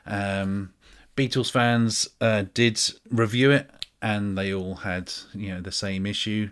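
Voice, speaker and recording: A man's voice: on the low side, steady tone, takes it slowly. A British man chatting casually to camera as a music vlogger, rambling and self-mocking, with many ums.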